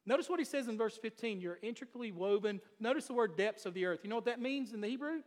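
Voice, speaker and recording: A high-pitched man preaching to a congregation, punching his points with rhetorical questions. His voice rings through a long hall reverb, as from a church sanctuary. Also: expressive, fast. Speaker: pastor. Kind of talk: sermon.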